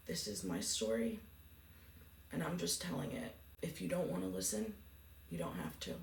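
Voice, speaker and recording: A woman with a low, gravelly voice tells her story in a hushed, grief-stricken way. She sits back from the mic in an echoey room, so her words carry a roomy distance. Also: huge pitch swings, normal speed, slight background noise. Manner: subdued, grief-stricken telling. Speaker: vlogger. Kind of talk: personal storytelling to camera.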